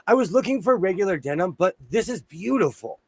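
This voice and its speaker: A man's voice: high-pitched, sing-song, a little fast, slightly rough, no echo. A man hosting a casual livestream from his home sewing room, chatting and cheerfully greeting viewers by name.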